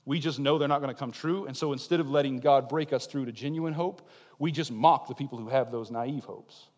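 A young man preaching a sermon, swinging between loud, urgent declarations and quiet, conversational asides. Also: medium pitch, a little fast. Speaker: pastor. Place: church sanctuary. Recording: long hall reverb.

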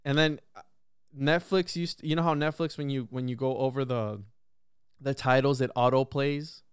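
A man chatting on a podcast, telling a story in a loose, animated way that is heavy with swearing and filler words. His voice is smooth and clear, and the sound is dry and close, with no room echo. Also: mid-range voice, normal speed. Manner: animated, profane storytelling full of "bro" and "like". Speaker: podcast guest or host. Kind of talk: casual podcast conversation.

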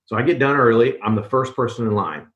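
A man's voice: medium pitch, fast talker, fairly bright tone, muffled recording. A man in a casual interview, telling a story conversationally and checking in with "right?" and "you know". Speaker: podcast guest.

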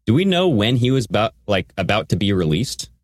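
A man's voice: lowish voice, brisk, dry recording, clean studio sound. A man co-hosting a casual chat, jokey and given to mocking asides. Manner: jokey, lively, often mocking. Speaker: podcast co-host.

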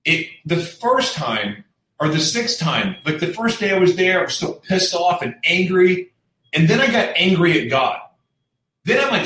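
Earnest man, bright voice, echoey room. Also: fairly high pitch, far from the mic. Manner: earnest, rambling, many fillers and restarts. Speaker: show host sharing his recovery story. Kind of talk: candid personal storytelling.

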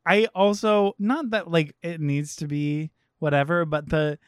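A man's voice: fairly high pitch, steady tone, measured pace, clean tone, no echo, studio quality. A man co-hosting a podcast, ranting sarcastically and profanely about a film in casual chat. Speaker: podcast co-host.

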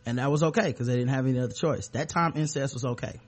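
A man's voice: mid-range voice, quick pace. Sarcastic man hosting a podcast. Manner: sarcastic, joking, loose and rambling. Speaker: podcast host. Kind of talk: casual comedic podcast chat.

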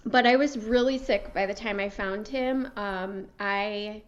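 A woman's voice: mid-range voice, measured pace, lo-fi sound, a little hiss or hum. A young adult woman speaking frankly and laughing often as a guest in a casual interview. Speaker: podcast guest.

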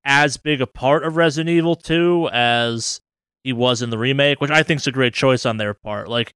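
A man's voice: medium pitch, moderate pace, a bit bright, clear, resonant tone, no echo. A man co-hosting a casual gaming news podcast, talking with rambling enthusiasm and swearing freely. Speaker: podcast co-host.

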